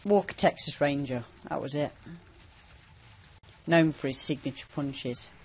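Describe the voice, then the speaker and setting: A man's voice: fairly high pitch, unhurried, husky. A man hosting a co-op gaming video, joking through casual, playful banter while he plays. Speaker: host.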